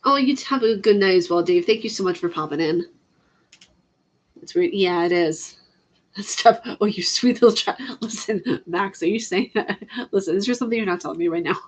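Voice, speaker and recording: A woman's voice: mid-range voice, a little fast. A woman chatting casually on a live stream about video games, laughing often and answering her chat. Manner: chatty, giggly, reads chat aloud.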